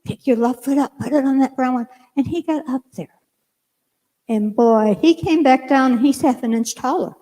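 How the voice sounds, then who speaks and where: A woman's voice: high voice, moderate pace. Older woman minister telling a story. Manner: animated storytelling, acting out her own quoted lines. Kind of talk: sermon with personal story. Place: church sanctuary. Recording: long hall reverb.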